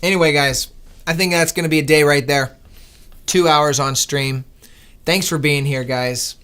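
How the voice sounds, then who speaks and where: Animated guy streaming his trading day, earnest and pep-talky, kinda high-pitched. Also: normal speed, smooth. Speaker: day-trading livestream host. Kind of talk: casual livestream talk.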